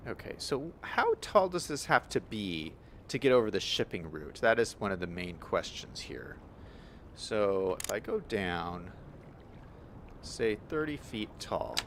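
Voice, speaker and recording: A man's voice: lowish voice, sing-song, measured pace, fairly bright tone, slight background noise. Chatty man musing aloud over a game. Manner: thinking aloud, upbeat and chatty. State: hiccups. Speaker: gaming YouTuber. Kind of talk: casual gameplay commentary.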